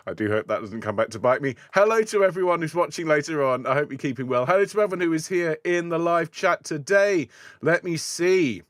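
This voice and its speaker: Man, choir director, chatty live-stream host, slightly high voice, dry close mic. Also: expressive, brisk, no echo. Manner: chatty, playful, enthusiastic. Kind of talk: live online rehearsal talk.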